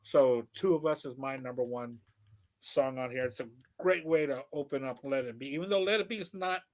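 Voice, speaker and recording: A man's voice: medium pitch, fairly quick, a little mellow. A man co-hosting a podcast in casual chat, thoughtful and a little hesitant. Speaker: podcast co-host.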